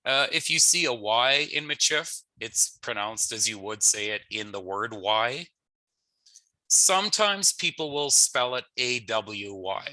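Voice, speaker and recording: Bright-voiced man teaching pronunciation. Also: medium pitch, unhurried, dry recording. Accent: Canadian English. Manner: explanatory, relaxed, laughs at himself. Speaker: language teacher. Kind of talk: pronunciation lesson.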